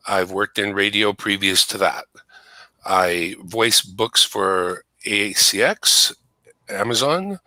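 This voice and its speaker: A man's voice: on the low side, pushed and bright, no room sound, poor audio. A man chatting casually from his home computer setup, explaining things at length. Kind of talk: casual chat.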